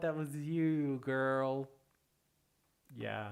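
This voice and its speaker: Hosting a casual livestream, this streamer responds to viewers' chat messages with excitement and frequently says the same phrases again. The voice sits in the mid range and moves at a measured pace.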